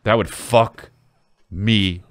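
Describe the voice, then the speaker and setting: A man's voice: lowish voice, fairly even intonation, drawn-out words. A man co-hosting a podcast, trading crude jokes and riffing loosely, often repeating "yeah, yeah". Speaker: podcast co-host. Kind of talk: crude comedic banter.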